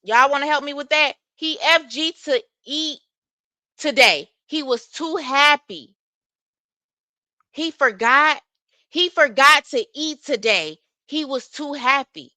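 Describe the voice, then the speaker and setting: A woman host reading messages aloud and reacting to them, talking in an animated, exclaiming way. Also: sits high, no room sound. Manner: animated, exclaiming, reads aloud in a quick flat run.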